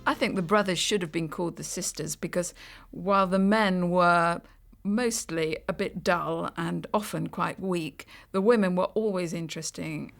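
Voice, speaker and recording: Woman in an interview with a gravelly lowish voice, doesn't mince words. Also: moderate pace, faint music behind. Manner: frank, opinionated. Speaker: actress being interviewed.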